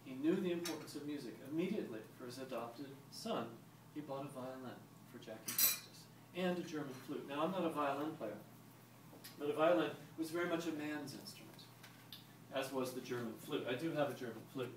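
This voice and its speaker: Speaking fairly quickly in a mid-range voice, this historical music presenter walks a group of visitors through a live demonstration, chatting as he explains and testing them with questions. The recording is roomy and distant, with background noise.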